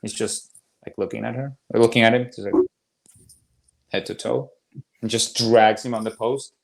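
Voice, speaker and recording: A man's voice: on the low side, steady tone, moderate pace, vocal fry. A man co-hosting a podcast, chatting casually about movies, rambling and restarting sentences as he retells scenes. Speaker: podcast co-host. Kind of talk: casual film-discussion chat.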